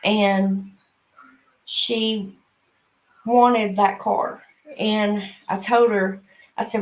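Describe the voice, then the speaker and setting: A middle-aged woman and mother hosting a casual live stream, chatty and unhurried, with frequent fillers and laughs. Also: mid-range voice, little pitch movement, poor audio.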